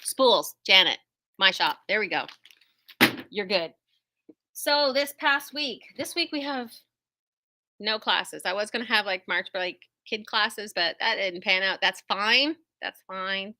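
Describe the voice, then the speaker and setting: A middle-aged woman, owner of a quilt shop and host, speaks to viewers in an unhurried, medium-pitched voice with long pauses. Her casual talk wanders into tangents, and she pokes fun at herself with lively asides.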